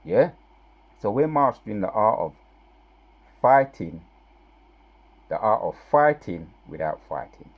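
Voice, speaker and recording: A man giving an informal scripture teaching. He reads verses slowly with loud, drawn-out stress and talks casually between them, often asking "right?" and "yeah?". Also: on the low side, sing-song, narrow, tinny audio. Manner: conversational, with tag questions and fillers between verses. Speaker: bible teacher.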